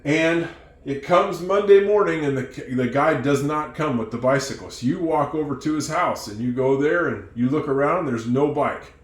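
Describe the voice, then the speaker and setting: A man teaching English who tells a moral story, acting out its characters with lively changes of voice. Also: a little high, moderate pace, reverberant. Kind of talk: storytelling lesson.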